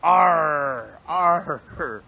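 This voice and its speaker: A man's voice: on the high side, lively intonation, vocal fry, pushed and bright, voice pushed up, exaggerated voice. Man doing a tired old pirate, hammy growl, self-mocking, drawn out. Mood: apologetic. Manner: hammy growling pirate talk, slowed and raised.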